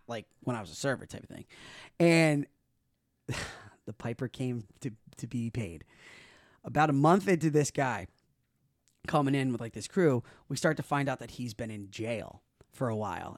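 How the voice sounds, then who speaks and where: A young man co-hosting a podcast, telling stories in a casual, animated, profane way and acting out other people's voices. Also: mid-range voice, no room sound, clean studio sound. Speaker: podcast co-host.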